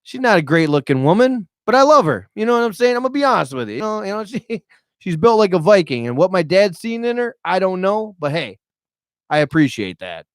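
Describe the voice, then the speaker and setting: A high-voiced man with big pitch swings speaks fairly quickly, recorded without room sound. In a podcast studio with cameras, this guest tells candid, emotional stories full of profanity, addressing his viewers directly.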